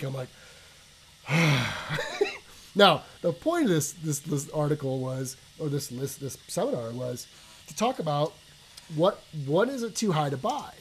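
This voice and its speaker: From his home basement, a male co-host tells animated stories in a casual chat, swearing casually and restarting his sentences often. His voice is on the high side, the recording is low quality, and the faint hum of a water softener can be heard.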